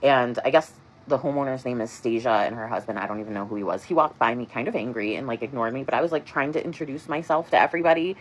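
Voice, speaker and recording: A woman's voice: a bass voice, fast, few pauses, slight background noise. A woman in her thirties telling a personal story in a casual vlog, rambling and full of "like". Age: 30s.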